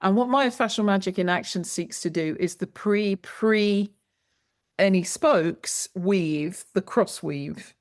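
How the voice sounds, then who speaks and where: A woman's voice: medium pitch, takes it slowly, darkish tone, no echo, clean studio sound. A woman guest in an interview, explaining her work in an emphatic, lecturing way and stressing key words. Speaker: guest, movement educator. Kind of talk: interview conversation.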